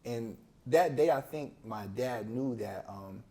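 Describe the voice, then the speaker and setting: Guy on a podcast telling his story, casual and slangy, mid-pitched, does the voices of people he quotes. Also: slow pace, warm tone. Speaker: podcast guest.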